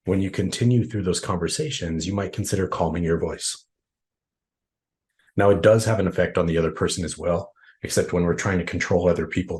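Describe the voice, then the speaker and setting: A man's voice: low-pitched, fairly even intonation, brisk, a little mellow. A man trainer answering questions in a live online workshop, explaining conversationally and often checking in with "right?" over a video call.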